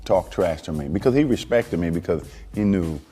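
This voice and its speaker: A man with a very low, deep voice tells a story from his playing days with a lot of swing in his pitch. He talks in an animated, laughing way, and faint music plays underneath. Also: normal speed. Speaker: former pro basketball player. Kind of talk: storytelling interview clip.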